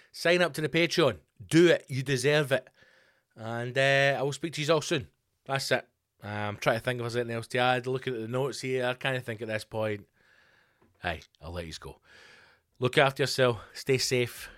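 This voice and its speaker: A man's voice: medium pitch, fairly bright tone, no room sound, clean studio sound. A man hosting a solo comedy podcast, ranting with rhetorical questions and swearing freely. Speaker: podcast host. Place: home studio.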